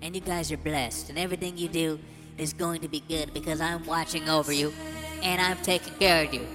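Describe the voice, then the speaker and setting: A man voicing a gentle female guardian angel who speaks softly and reassuringly over a music beat. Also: on the high side, steady tone, brisk, in a large hall, lightly acted. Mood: soothing.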